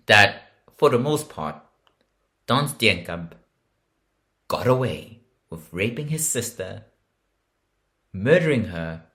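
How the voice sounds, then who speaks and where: A man's voice: mid-range voice, pushed and bright. A man hosting a true-crime podcast, narrating a case with emphatic indignation and free swearing.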